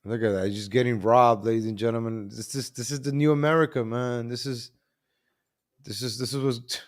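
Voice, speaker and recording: A man hosting a live commentary stream, animated and repetitive, calling out to viewers as ladies and gentlemen. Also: mid-range voice, brisk. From New York.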